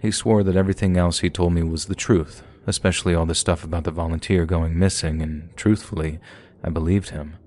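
A man with a very deep voice tells a first-person horror story at a steady, measured pace. The sound is close and dry, with no room around it. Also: no echo. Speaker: narrator.

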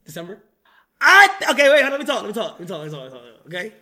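A young male streamer banters with friends in loud, slang-heavy jokes. His voice sits high and sounds bright and forward. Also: big pitch swings, racing. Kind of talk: casual chat with friends on a livestream.

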